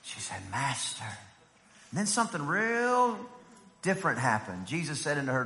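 A male pastor delivers a sermon in a bright, forceful voice. He drops to near-whispers, then builds to loud, high-pitched peaks. The sound rings with the long reverb of a church hall. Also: very animated, measured pace. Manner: preaching with big swings from hushed to shouting.

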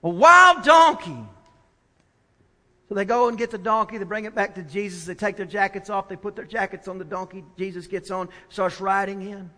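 A preacher man delivers his sermon in a voice that rings bright and forceful. He drops to near-hushed asides, then builds to slow, emphatic, loud declarations. The church sanctuary wraps his voice in a long reverb. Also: sits high, steady tone. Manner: preaching with big swings from quiet to loud, slow emphatic stretches. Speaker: pastor.

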